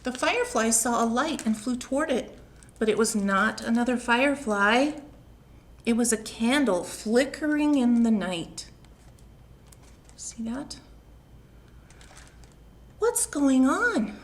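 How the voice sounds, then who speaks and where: A woman, a children's librarian, reading a picture book aloud at home, slow and expressive, pausing to ask the young listeners questions. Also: fairly high pitch.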